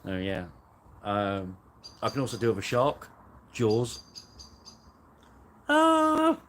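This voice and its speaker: A man with a voice on the low side and fairly even intonation hosts a casual live chat at a measured pace, with a little hiss or hum in the audio. Out in a garden at night, he rambles, makes self-deprecating jokes and laughs often.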